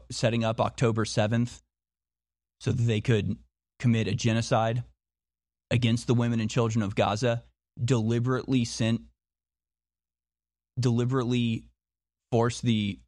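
A man's voice: mid-range voice, darkish tone, dry recording, studio quality. A man talking in a monologue, insistent, firing off repeated rhetorical questions and often restarting his sentences. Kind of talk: monologue commentary.

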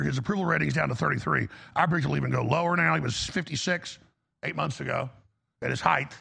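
Gravelly, raspy political commentator. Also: male voice, on the high side, fairly bright tone. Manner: emphatic, heated, frequent restarts. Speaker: political talk show host.

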